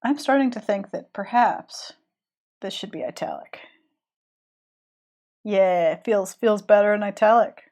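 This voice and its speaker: Southern American woman streamer, relaxed, chatty, trails off while she concentrates on drawing. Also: mid-range voice, a little slow, pauses often. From Southern United States. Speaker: streaming illustrator.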